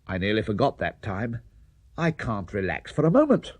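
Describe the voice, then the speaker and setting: Nervous, fussy clock cuckoo, always in a rush, as a male storyteller puts it on; husky, lively pitch, dry sound. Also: dry recording. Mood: flustered. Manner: fussy, anxious and hurried. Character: flustered, overworked little cuckoo in a clock.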